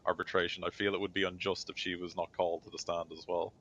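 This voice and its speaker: A man's voice: sits low, little pitch movement, quick pace, fairly bright tone. A man playing a deferential lady Inquisitor. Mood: courteous. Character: polite, deferential female Inquisitor. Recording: dull lo-fi recording.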